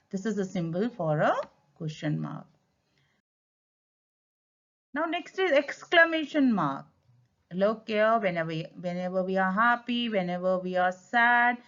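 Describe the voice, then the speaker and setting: A woman with an Indian English accent teaching a grammar lesson, stressing key words and slipping into Hindi to explain. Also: on the high side. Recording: dull lo-fi sound.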